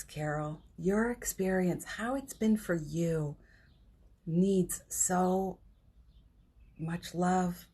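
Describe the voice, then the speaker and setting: Husky lower-voiced lady doing a gentle spiritual livestream, bit teary. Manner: gentle, candid, reads viewer comments aloud. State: teary, emotional. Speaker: host of a spiritual morning show. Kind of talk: live-streamed spiritual talk.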